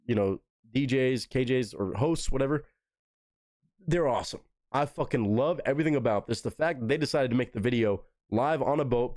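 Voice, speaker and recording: A man hosts a live reaction to music. His voice sits in a middle register and swings up and down with excitement as he swears. The sound is dry and close, with no room echo. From Texas. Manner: excitable, swears freely, big swings in pitch.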